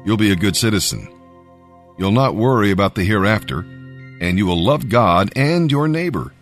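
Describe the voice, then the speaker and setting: A man narrating a scripted devotional Bible reading, measured and emphatic. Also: fairly low pitch, lively intonation, soft background music.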